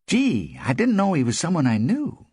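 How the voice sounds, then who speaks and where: A man's voice: fairly high pitch, huge pitch swings, moderate pace, mellow, slightly rough, dry recording, studio quality, pitched above the performer's own voice, exaggerated voice. A male narrator voicing Tiger, a brash, gushing woman at a party, with a raised, exclamatory voice. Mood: teasing.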